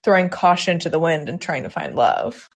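A woman with a somewhat low voice talks casually on a podcast. She drops in quick agreement and then muses thoughtfully. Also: lively intonation, slightly rough. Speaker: podcast co-host or guest.

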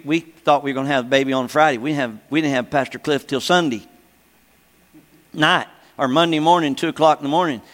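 An older male pastor with a fairly high, slightly bright voice preaches a teaching sermon. He speaks emphatically, repeats phrases, and often asks the congregation for an amen. The recording has a long hall reverb.

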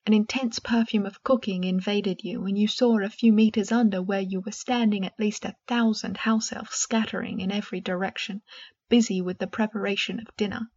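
A woman with a husky voice narrating a second-person fan-fiction story in a soft, gentle way. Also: medium pitch, fairly even intonation, brisk, dull audio.

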